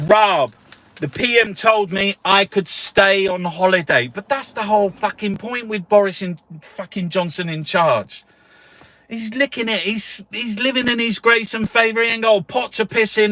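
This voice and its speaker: Pushed and bright, a man's high voice leads a ranting run through the papers. He's a political commentator, mocking the news in a loose, sarcastic style full of swearing and laughs.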